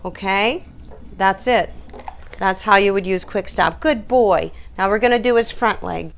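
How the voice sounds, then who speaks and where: A woman's voice: medium pitch, moderate pace, fairly bright tone, slight background noise. A woman dog groomer explaining nail trimming and cooing soothingly at a nervous dog while she works. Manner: soothing baby talk to the dog between instructions. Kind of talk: grooming demonstration. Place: grooming room.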